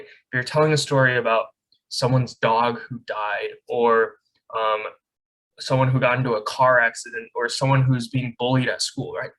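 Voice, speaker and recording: A man's voice: mid-range voice, a bit bright, low-quality recording. Young man teaching speech on a video call. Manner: conversational, often ends points with "right?". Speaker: speech camp instructor. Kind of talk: online lecture. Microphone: webcam on a video call.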